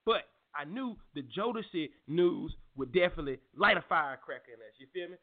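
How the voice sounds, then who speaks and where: A man with a high-ish, animated voice hosts a morning show, talking fairly quickly in loose, joking chat packed with slang, laughter and restarts. The sound is tinny and phone-like, with faint music behind him.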